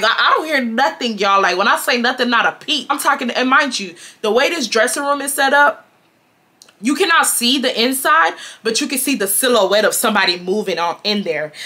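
A woman in her twenties from Houston, telling a storytime to her viewers in a chatty, animated way and calling them y'all. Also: fairly high pitch. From Houston, Texas. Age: 20s. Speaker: storytime vlogger.

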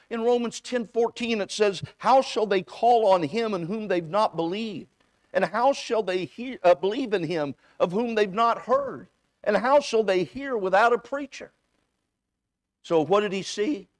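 A man's voice: sits high, measured pace, no echo. A man preaching a sermon as a visiting evangelist. He tells personal stories in a folksy way, acting out both sides of the conversations and often repeating his words. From United States. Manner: folksy storytelling, acts out dialogue, repeats words. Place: church sanctuary.

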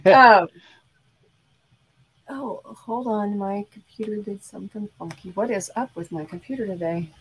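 A woman hosting a casual chat, talking in a relaxed way and reading out viewer comments. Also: mid-range voice, a little slow, a little hiss or hum, low-quality recording. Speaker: host.

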